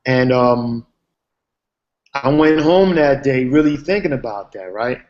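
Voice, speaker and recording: Heard over a video call in an online hangout, a man who is a TV writer tells a long story as a guest, rambling casually with plenty of slang and fillers. His mid-range voice is expressive and slow, the highs are cut off, and crowd noise can be heard.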